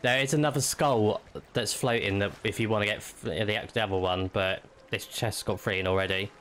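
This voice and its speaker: A man streaming a game with friends, talking in an excitable way with stammers and frequent laughs. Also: fairly low pitch, fairly quick, slight background noise. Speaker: streamer and host. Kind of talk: casual gaming chat.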